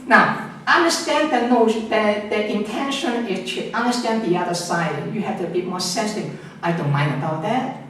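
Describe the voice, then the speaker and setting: A man with a fairly high voice lectures emphatically, repeating words and restarting his sentences. He sounds distant from the mic in a strongly echoing room, with faint background noise. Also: normal speed, sharp tone. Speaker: interviewed scholar. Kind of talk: opinionated interview answers.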